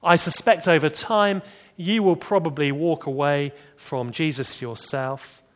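A man preaching a sermon, animated, rising for emphasis and dropping to quiet, serious points. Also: a little high, a little slow. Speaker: pastor.

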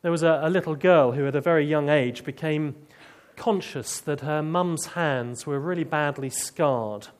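A man preaching a sermon, telling stories and dropping to hushed tones to drive points home. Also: on the high side, normal speed, few pauses, clean tone.

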